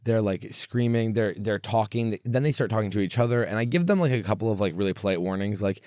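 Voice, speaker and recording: A young man with a fairly low voice hosts a comedy podcast and tells stories in a rambling, animated way. He stumbles over fillers and restarts, and the sound is dry and close to the mic. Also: fast talker, dry recording. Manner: rambling, animated, lots of fillers and self-interruptions. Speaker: podcast host and stand-up comedian. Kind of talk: casual storytelling chat.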